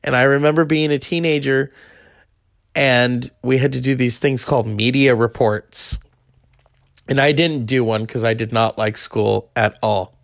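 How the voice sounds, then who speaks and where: A man's voice: mid-range voice, steady tone, measured pace, vocal fry, no echo, clean studio sound. A man in his thirties telling a rambling, crude story in a casual monologue. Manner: crude, rambling, acts out quoted voices. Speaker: podcast host.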